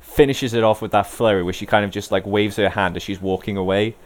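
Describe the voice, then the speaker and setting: A man's voice: fairly low pitch, fairly even intonation, fast. A man co-hosting a casual podcast, rambling enthusiastically with lots of "like"s. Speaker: podcast co-host. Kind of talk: casual chat.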